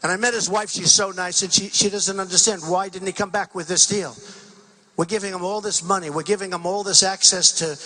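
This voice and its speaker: Bright-voiced man giving a rambling rally speech. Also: sits high, steady tone, brisk. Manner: rambling and repetitive, acting out dialogues. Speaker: political candidate. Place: large rally venue.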